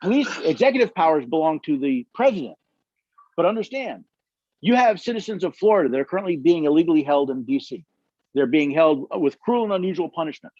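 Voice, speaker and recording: On the high side and a little fast, his darkish voice carries lively intonation through a dry, muffled recording. He's guiding a constitution study session, dramatizing quotes, telling stories with emphasis, and handling audience questions.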